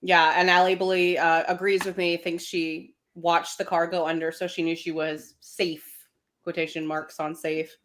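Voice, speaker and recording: A woman's voice: lowish voice, level tone, measured pace, a bit bright, a little hiss or hum. A woman co-hosting a live-streamed podcast, reading viewer comments aloud and laughing easily. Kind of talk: casual live-stream chat.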